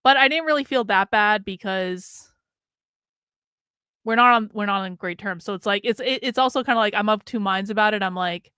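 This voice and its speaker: A woman's voice: medium pitch, moderate pace, bright, forceful tone, clear, resonant tone, no echo, clean studio sound. A woman streaming a casual, candid monologue, swearing freely and laughing often, with an American accent. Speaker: streamer and commentator.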